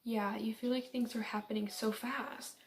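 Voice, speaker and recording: A woman's voice: a little high, steady tone, moderate pace, a little hiss or hum. A young woman from central Illinois giving a casual, upbeat tarot reading, chatty and giggly. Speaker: tarot reader.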